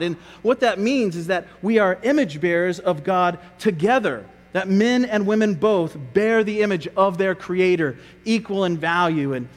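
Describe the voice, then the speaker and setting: High-voiced earnest man preaching in a reverberant hall. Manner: earnest, conversational, frequent repeated words. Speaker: pastor. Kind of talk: sermon.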